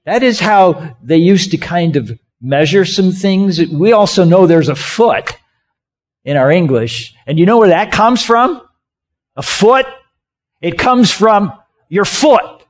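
A man's voice: high voice, expressive, slow. A man preaching a sermon as a pastor, asking the congregation questions and having them act out hand gestures as he talks. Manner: conversational, asks the congregation questions; has listeners act out gestures with their hands.

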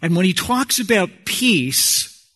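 A man preaching a sermon, swinging from raised exclamations to soft near-whispers. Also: high-pitched, lively intonation, slow pace, breathy edge. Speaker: pastor.

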